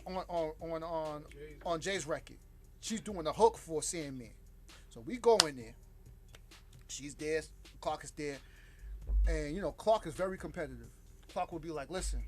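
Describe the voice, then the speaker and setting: A man chatting as a podcast guest, telling stories in an animated way and laughing as his voice jumps up when excited. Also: on the high side, normal speed, soft background music. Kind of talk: animated storytelling chat.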